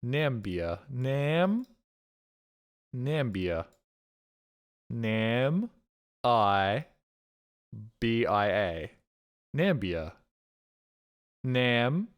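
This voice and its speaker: A man's voice: mid-range voice, sing-song, extremely slow, pauses often, clear, resonant tone. A man streaming a video game, chatting casually with a goofy, self-mocking manner and plenty of swearing. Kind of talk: casual gaming stream commentary.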